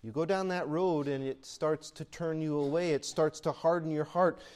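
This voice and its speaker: A man's voice: a little high, steady tone, moderate pace, darkish tone. A man preaching a sermon in a conversational style that swells into emphatic peaks. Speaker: pastor.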